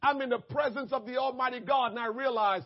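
Man, preacher, sermon, very high voice, shouted emphasis, dull lo-fi sound. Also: a little fast. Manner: impassioned preaching, swings between soft asides and shouted emphasis; addresses the congregation directly.

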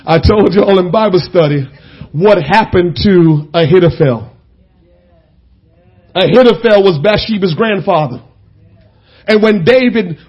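A pastor preaching a sermon, his voice pitched very high and husky. He swells into shouted lines and leans on a steady "uh" between phrases. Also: muffled recording. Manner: preaching with rising shouts and filler "uh"s.

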